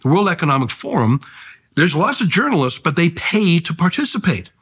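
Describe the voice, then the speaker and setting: A man's voice: on the high side, big pitch swings, a little fast, fairly bright tone, breathy edge. A man appearing as a journalist guest on a podcast, making his case in punchy, numbered points. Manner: punchy storyteller, builds points as numbered lists. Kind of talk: casual conversational podcast talk.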